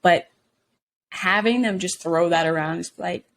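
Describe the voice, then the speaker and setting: A woman's voice: lowish voice, unhurried, fairly bright tone, slight background noise. A woman co-hosting a podcast in casual chat, teasing and playfully insulting her co-host.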